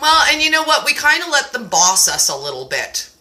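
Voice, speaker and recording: Bright-voiced, joking woman host. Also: high-pitched, sing-song, fairly quick, a little hiss or hum. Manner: chatty and joking. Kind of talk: casual chat on a live stream.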